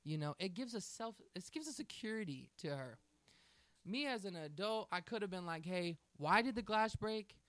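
A man's voice: sits high, lively intonation, moderate pace, fairly bright tone, smooth, no echo. A man hosting a faith talk, telling a family story in an earnest, preaching way. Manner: earnest storytelling, acts out quoted voices.

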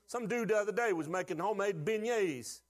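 A man's voice: high voice, a little fast. A man preaching a sermon, with folksy humor and call-and-response questions to the congregation. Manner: folksy humor, acts out quoted voices. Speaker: pastor.

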